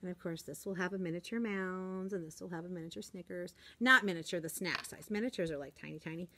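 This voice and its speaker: A woman's voice: fast, background noise. A woman in her forties, a teacher, chatting upbeat and casual in her classroom while she shows things to a handheld camera. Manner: chatty and upbeat, acts out kids in a high voice. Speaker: elementary school teacher. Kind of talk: casual classroom vlog chat. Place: classroom, indoors.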